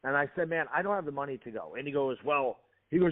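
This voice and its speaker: A man on a radio show telling a story in an animated way, quoting the people in it. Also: a little high, fast. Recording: tinny phone line on radio.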